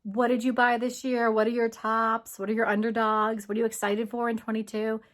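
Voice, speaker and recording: A woman's voice: a little high, flat delivery, a little fast. Chatty, slightly breathless woman vlogger. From United States. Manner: chatty, self-correcting, stumbles over names. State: a bit out of breath. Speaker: perfume vlogger. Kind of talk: casual vlog ranking. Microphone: handheld phone gimbal.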